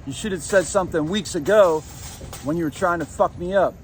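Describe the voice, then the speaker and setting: A man with a fairly high voice vents into a handheld phone inside a shared apartment. His talk is heated, confrontational and full of swearing. A faint hiss of background noise sits under his voice. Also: normal speed. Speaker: vlogger. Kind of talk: angry ranting vlog.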